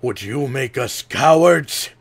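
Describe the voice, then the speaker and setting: A man voicing a proud, hot-headed young male fire warrior who speaks loudly and indignantly. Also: mid-range voice, expressive, slow pace, creaky, slightly rough, voice pushed up, exaggerated voice. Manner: loud and indignant. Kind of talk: audiobook character voice.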